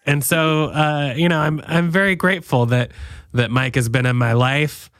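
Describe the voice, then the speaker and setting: A young man giving a rambling, deadpan mock wedding toast as a podcast guest, full of ums and fillers. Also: on the high side, moderate pace, clean tone, no room sound, studio quality.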